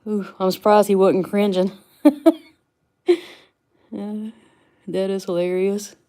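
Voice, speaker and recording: Lady rambling to her stream chat, gravelly low-ish tone, greets everybody. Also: flat delivery, takes it slowly, mellow. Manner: chatty, greets viewers by name, laughs easily. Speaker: livestream host unboxing rocks. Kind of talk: casual livestream chat.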